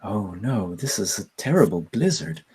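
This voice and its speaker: A man voicing a smooth, gracious madam. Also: lowish voice, sing-song, normal speed, mellow, full character voice. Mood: courteous. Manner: smooth, courteous, persuasive host talk. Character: gracious female madam of a house.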